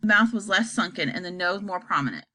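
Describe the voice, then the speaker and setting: A woman narrating a children's storybook aloud in an expressive, animated way. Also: fairly low pitch, brisk. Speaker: audiobook narrator.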